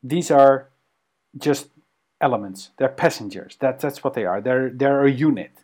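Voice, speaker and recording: A man co-hosting a podcast in casual conversation, animated and halting, with many ums and restarts. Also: medium pitch. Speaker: podcast co-host.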